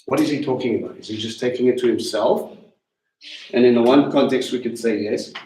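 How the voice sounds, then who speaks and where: A man giving sermon-style teaching in an animated, questioning way, slowing down on the words he wants to land. His voice sits at a medium pitch. It is heard from a distance in a roomy, echoing hall. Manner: animated, questioning, slows to stress key words. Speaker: teacher leading a Passover Seder. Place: congregation hall. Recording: echoey room, voice from a distance.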